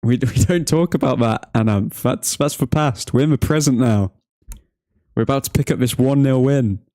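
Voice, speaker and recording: Hosting a football watchalong stream, a young man from England talks casually to his viewers, joking and laughing a lot. He speaks in a warm, mid-range voice at normal speed, with no echo.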